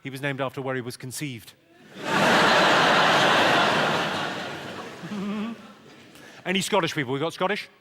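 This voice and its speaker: Man, stand-up comedian, deadpan teasing one-liners, animated pitch, live theatre show with loud crowd noise. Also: slow, long pauses. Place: large theatre stage.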